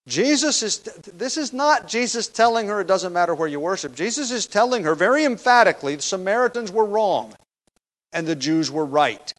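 A man with a slightly raised pitch delivers an expository sermon. He explains the passage line by line, stressing key words emphatically and stumbling now and then with fillers and restarts. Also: expressive, normal speed, poor audio. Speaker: preacher.

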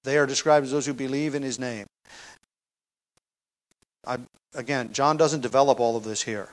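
A man's voice: medium pitch, rough recording. A middle-aged man teaching an expository sermon on a Bible passage, talking conversationally and leaning hard on key phrases. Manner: conversational teaching, stresses key phrases, frequent fillers and restarts.

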